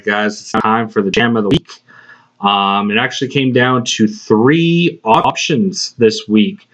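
A man hosting a podcast, telling a rambling workplace story in casual chat, swearing often and laughing between phrases. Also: lowish voice. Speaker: podcast host. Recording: slightly dull lo-fi podcast recording.

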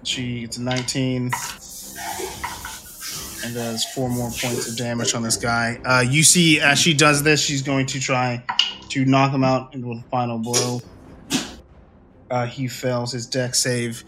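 A man narrating a tabletop game as game master, relaxed and full of ums and uhs. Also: mid-range voice, measured pace, long pauses, noisy background.

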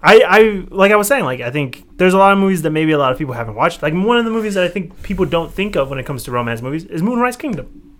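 A young man co-hosts a casual podcast, his voice a little higher than most men's. He rambles and argues his opinions hard, filling pauses with "like". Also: very animated, fairly bright tone. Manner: rambling, opinionated, frequent "like" fillers. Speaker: podcast co-host. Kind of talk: casual chat.

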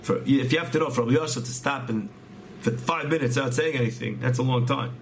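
Telling a religious tale in earnest, this man speaks fast in a gravelly, mid-range voice, frequently repeating himself and starting phrases over. A little hiss or hum runs under the recording.

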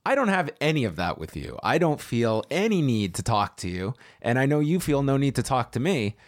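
A man's voice: medium pitch, sing-song, fairly quick. A man co-hosts a podcast in loose, casual chat, his humor dry and sarcastic. His voice sits in an ordinary middle range. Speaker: podcast co-host.

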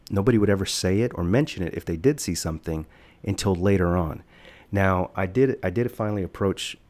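A man casually telling a personal story to listeners, retelling it with animated back-and-forth quotes. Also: low-pitched. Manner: animated retelling, voices rise when quoting himself.

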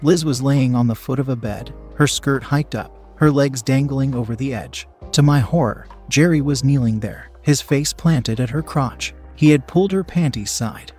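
A man's voice: mid-range voice, normal speed, few pauses, darkish tone, slightly rough, faint music behind. A man narrating a first-person story in a tense, confessional way.

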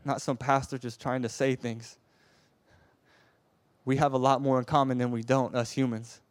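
A preacher, male and medium-pitched, delivers a heartfelt sermon with a flat manner at a moderate pace. His volume dips nearly to a hush and then swells into loud, emphatic appeals, and he stumbles over repeated words when moved. The sound is close and dry, free of room echo.

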